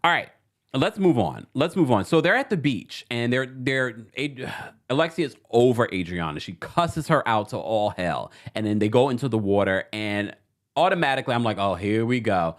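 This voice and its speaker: A man hosting a livestream recap of a reality show, talking in a sassy, animated way and addressing the cast members directly. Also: medium pitch, normal speed. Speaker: podcast host.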